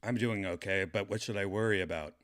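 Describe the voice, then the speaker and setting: Deep-voiced man rambling on a livestream. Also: fairly quick, fairly bright tone. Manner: rambling, hesitant, many fillers and restarts. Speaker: podcast host. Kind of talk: casual livestream chat.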